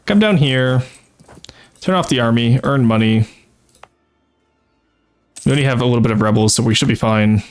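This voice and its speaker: A man's voice: mid-range voice, normal speed, pauses often, clean tone. A man streaming a strategy game, casually thinking aloud and explaining his tactics with frequent "uh"s and self-corrections. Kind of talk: casual live-stream commentary.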